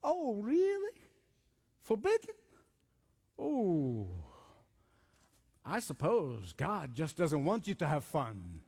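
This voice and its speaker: A man's voice: high-pitched, huge pitch swings, takes it slowly, vocal fry, pauses often, a little mellow, husky, pitched below the performer's own voice, full character voice. A man preacher voicing the serpent as a sly, wheedling male tempter who mocks and insinuates. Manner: mocking, insinuating.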